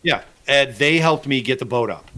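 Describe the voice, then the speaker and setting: A man's voice: mid-range voice, animated, normal speed, sharp tone. A man hosting a casual fishing podcast, telling rambling, profane stories about his trips. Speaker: podcast host.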